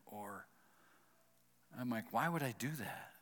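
Bright-voiced man telling a story. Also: medium pitch, slow pace. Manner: animated, acts out his own inner thoughts. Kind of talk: storytelling talk with a moral. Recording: long hall reverb.

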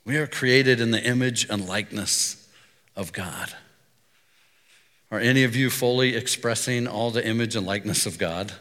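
A man's voice: mid-range voice, moderate pace, fairly bright tone. A middle-aged man preaching a sermon as pastor, telling stories in a conversational way. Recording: long reverb of a hall.

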